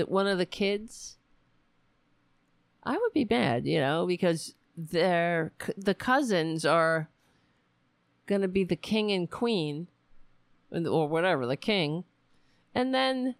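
A woman's voice: on the low side, dry recording. A middle-aged American woman hosting a political talk stream from home, rambling and swearing, laughing often and chatting with her viewers. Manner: rambling, profane, laughs often, talks to chat. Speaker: political talk show host. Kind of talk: casual live-stream commentary.

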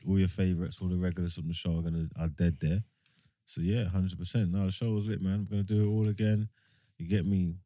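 A man's voice: sits low, flat delivery, fast talker, mellow, dry recording, clean studio sound. Laid-back man telling stories. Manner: laid-back slang-heavy banter, laughing. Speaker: podcast host. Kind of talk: casual storytelling chat.

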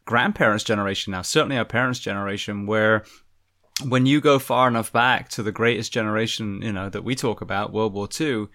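A man hosting a podcast, talking in a relaxed, rambling way. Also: on the low side, a little fast. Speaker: podcast host. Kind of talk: casual chat.

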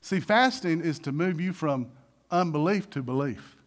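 A man preaching with a high, lively voice that leaps up and drops down. He acts out little voices as he goes and moves between loud bursts and soft asides. The delivery is animated and conversational, the way a pastor talks from the pulpit. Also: normal speed. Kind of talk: sermon.

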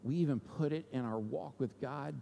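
A man's voice: mid-range voice, normal speed, creaky, dark tone, slight background noise. A man preaching a sermon, telling a story in a conversational way and checking in with the congregation as he goes. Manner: conversational, asks the audience "okay?" and "right?". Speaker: pastor. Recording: long church hall reverb.

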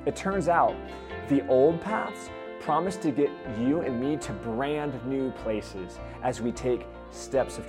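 A middle-aged man preaching a sermon in an earnest, conversational way. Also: medium pitch. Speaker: pastor.

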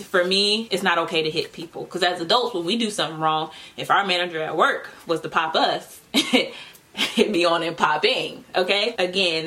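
A woman in her thirties with a slightly low voice, talking through a casual solo podcast. She speaks candidly and conversationally and stacks her points in short lists. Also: sharp tone. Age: 30s. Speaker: podcast host.

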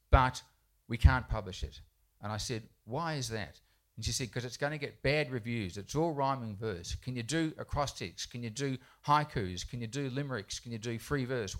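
A man's voice: medium pitch, a bit bright. Chatty man telling a story. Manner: chatty, self-deprecating, with frequent restarts. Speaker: children's poet speaking at a festival panel. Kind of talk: storytelling anecdote to a live audience. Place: bookshop event space, indoors.

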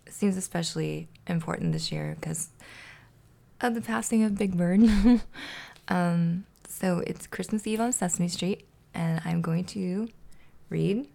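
A woman's voice: on the low side, sing-song, a little slow, gravelly, pauses often, darkish tone. A woman hosting a casual podcast, chatting and reading a children's storybook aloud, laughing often. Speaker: podcast host.

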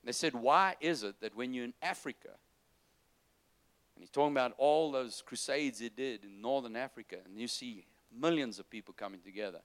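A man preaching a sermon, moving between loud, urgent exhortation and soft, low-voiced asides to the congregation. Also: moderate pace. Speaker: pastor.

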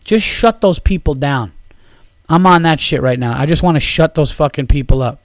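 A man's voice: on the high side, normal speed, dry recording, clean studio sound. A man hosting his own comedy podcast, ranting and swearing heavily with lots of fillers. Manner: rambling, heavy swearing, fillers. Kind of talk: profane solo podcast rant.

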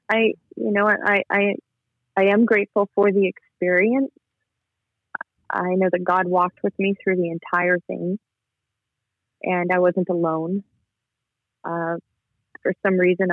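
Guest caller, male, earnest and emotional, flat delivery, phone-line sound. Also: high-pitched, creaky, dry recording. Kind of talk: personal testimony.

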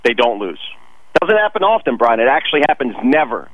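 A man's voice: medium pitch, big pitch swings, a little fast, no echo, phone-quality sound. A man co-hosting a sports radio talk show, speaking conversationally to his partner. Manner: conversational, addressing his co-host.

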